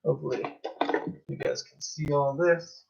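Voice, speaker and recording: A man's voice: on the high side, steady tone, moderate pace, vocal fry, a little mellow, muffled recording. A man teaching an online drum lesson, chatting casually and counting students through the exercises. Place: drum studio. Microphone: phone camera.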